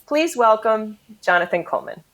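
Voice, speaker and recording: A woman's voice: on the high side, lively intonation, moderate pace, fairly bright tone. Woman hosting an online event. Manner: reads the introduction with some fillers. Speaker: event host. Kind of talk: scripted event introduction.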